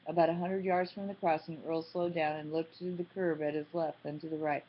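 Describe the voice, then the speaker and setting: A woman narrating a novel in an even, measured reading. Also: deep voice. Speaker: audiobook narrator. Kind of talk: scripted narration. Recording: dull lo-fi recording.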